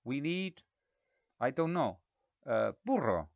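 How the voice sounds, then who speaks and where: A man reading aloud, voicing an older male restaurant guest with an Italian accent who speaks haltingly but insistently. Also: mid-range voice, big pitch swings, vocal fry, no room sound, phone-quality sound, pitched above the performer's own voice, exaggerated voice.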